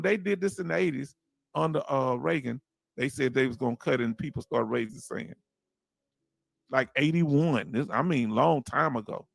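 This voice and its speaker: A man's voice: on the high side, gravelly, no echo. An older man with a Southern US accent hosting a casual livestream, emphatically talking to viewers he calls family and reading their comments aloud. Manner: emphatic, preachy, chuckling, addresses viewers as family. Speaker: livestream host and veteran.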